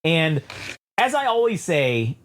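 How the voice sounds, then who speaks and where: A man's voice: a little high, big pitch swings, takes it slowly. A man co-hosting a podcast, telling a rambling, profane story with constant swearing and restarts. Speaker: podcast co-host. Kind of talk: profane, rambling casual chat.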